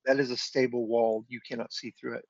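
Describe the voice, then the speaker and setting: Husky gravelly guy dming a table game online, dull dry call audio. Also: medium pitch, level tone, a little mellow, no room sound. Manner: measured rulings, thinking aloud. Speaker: dungeon master.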